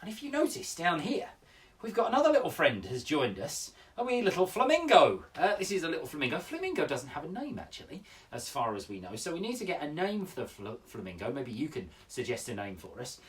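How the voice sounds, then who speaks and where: A man's voice: a little high, wildly swooping pitch, a little fast, far from the mic. A man in his forties, an upbeat poet hosting a casual daily poetry show from home, chatting with lots of ums and uhs. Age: 40s. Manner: chatty, upbeat, full of fillers. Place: home room.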